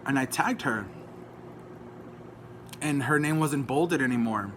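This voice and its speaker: Vlogger man from Dallas, forceful edgy voice, indignant rant, faint hiss behind. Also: medium pitch, takes it slowly. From Dallas, Texas. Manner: agitated, indignant, retelling a dispute. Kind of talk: heated personal rant to camera.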